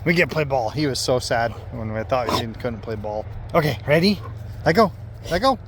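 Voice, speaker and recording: A middle-aged man narrates a family vlog in a relaxed, joking tone. His voice sits at an ordinary pitch. Outdoor traffic and vehicle noise are clearly heard around him. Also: normal speed. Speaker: family vlogger, father.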